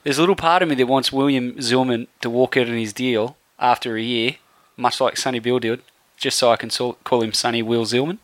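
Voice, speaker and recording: A man's voice: medium pitch, steady tone, a little fast, fairly bright tone, no room sound. A man from England co-hosting a sports podcast, trading dry, sarcastic quips in casual banter. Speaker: podcast co-host.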